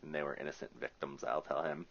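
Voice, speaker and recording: A Rust Belt man plays Magic and gives his own chatty, joking play-by-play, reasoning through his moves out loud. His voice is extremely low and creaky with a fairly bright tone, fairly even intonation, and a quick pace. The recording is muffled and lo-fi.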